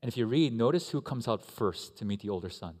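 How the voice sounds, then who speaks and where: A man pastor giving a conversational, animated sermon with asides to the congregation. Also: mid-range voice, fast talker. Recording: echoey hall.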